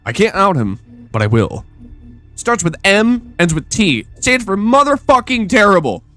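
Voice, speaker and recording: Animated, profane ranting podcast host man. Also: sits high, a little slow, soft background music. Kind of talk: casual ranting storytelling.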